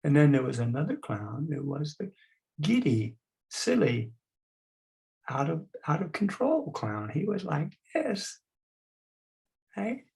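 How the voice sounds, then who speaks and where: Older man with a gravelly, slow voice. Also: on the high side, big pitch swings, darkish tone. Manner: playful, coaxing, demonstrates sighs and growls. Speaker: speaker leading a group exercise. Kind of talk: instructional talk with face exercises.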